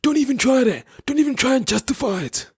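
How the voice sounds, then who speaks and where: A big, flashy man at a taxi rank snaps back in a shrill, squeaky voice full of scorn, as a man puts him on. The tone is husky and a little breathy. The sound is dry and close, with no room around it. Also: expressive, fast talker, no echo, heavily acted. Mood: mocking scorn. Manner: high-pitched, scornful, repeating himself.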